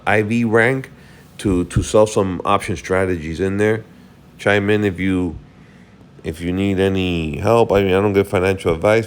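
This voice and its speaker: A man's voice: low-pitched, clean tone. A tired man rambling casually through a market recap, thinking aloud while he checks charts. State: tired, yawning. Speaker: market commentary host.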